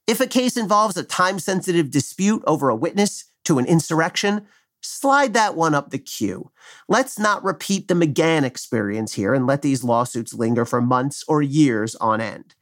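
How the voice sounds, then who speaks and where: A middle-aged man, a former prosecutor, reading an opinion commentary in a measured, wry, argumentative way. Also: on the high side, expressive, a bit bright.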